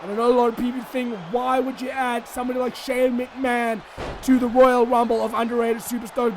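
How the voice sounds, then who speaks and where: High, excitable man shouting game commentary. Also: a little fast, a little hiss or hum. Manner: excitable and shouty, swinging between rants and mock outrage. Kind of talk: excited solo commentary over a wrestling video game.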